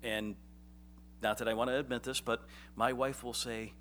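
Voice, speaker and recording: A man's voice: mid-range voice, steady tone, normal speed, a bit bright, slight background noise. Conversational male preacher. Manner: conversational, self-deprecating, acts out quotes. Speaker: pastor. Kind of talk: sermon.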